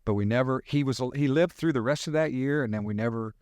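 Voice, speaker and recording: A middle-aged man, a podcast guest, telling animated hunting stories with sound effects in casual talk. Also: mid-range voice, fast, dry recording, studio quality. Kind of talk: casual storytelling.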